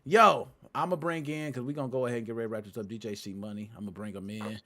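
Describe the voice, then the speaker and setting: A man's voice: medium pitch, fairly even intonation, quick pace, pushed and bright, slight background noise. A man hosting a casual gaming podcast, joking around in loose, slangy banter. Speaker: podcast host.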